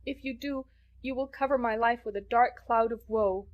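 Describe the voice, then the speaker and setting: A woman's voice: a little high, normal speed, lo-fi sound, pitched above the performer's own voice, natural voice. A woman doing an eager, dramatic orphan girl. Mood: pleading. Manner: pleading, florid and theatrical.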